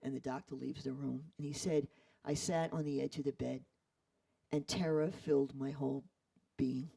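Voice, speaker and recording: Man, storytelling talk, gravelly, mellow, from far off the mic. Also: medium pitch, moderate pace. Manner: animated retelling with quoted voices.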